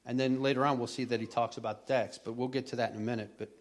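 Middle-aged man, plain mid pitch, lay preacher with a folksy, halting sermon delivery. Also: steady tone. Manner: rambling, repeats words, folksy. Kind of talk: conversational sermon.

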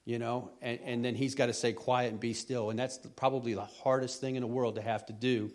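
A man's voice: mid-range voice, level tone, quick pace. A middle-aged man giving a conversational sermon in a folksy, rambling way, often repeating words as he talks. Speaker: lay preacher.

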